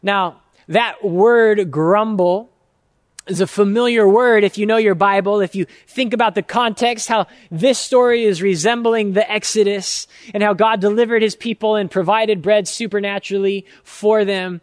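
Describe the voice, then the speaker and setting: A man's voice: high voice, steady tone, no echo, studio quality. A male pastor preaching a sermon in an earnest, emphatic way, stretching out key words and repeating phrases for weight. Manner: earnest, emphatic, drawn-out repetition.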